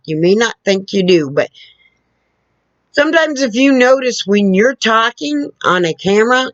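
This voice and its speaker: Slow, lecturing woman on a lo-fi webcam. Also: a little high, dry recording. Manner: lecturing, repeats points, checks in with "okay?". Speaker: vlogger. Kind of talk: direct-to-camera opinion rant. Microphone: camera on a computer two feet away.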